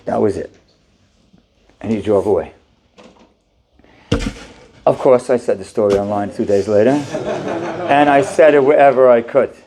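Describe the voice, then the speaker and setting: A man, a rabbi, tells a personal story in an animated, conversational sermon and talks straight to his audience. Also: mid-range voice, unhurried, long pauses.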